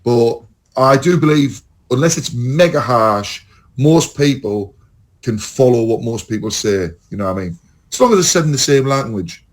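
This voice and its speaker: A man's voice: medium pitch, normal speed. Sweary English man rambling. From England. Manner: swearing, rambling, animated storytelling. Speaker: podcast co-host. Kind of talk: casual chat.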